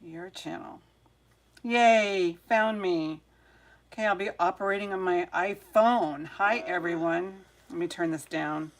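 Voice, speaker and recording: A woman hosts a live jewelry sale stream, chatting casually and muttering to herself as she fights her devices, then greets viewers one by one. She sounds flustered and chatty over the tech trouble, her fairly low voice unhurried.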